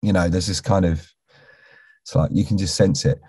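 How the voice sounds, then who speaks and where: A man's voice: sits low, fairly even intonation, moderate pace, mellow, breathy edge, dry recording. A middle-aged British man, an actor, casually telling a long anecdote in a rambling way, full of restarts and "you know", sometimes dropping almost to a whisper. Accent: British English. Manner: rambling, with many restarts and "you know"s, drops to a near whisper when quoting. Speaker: actor interviewed as a guest.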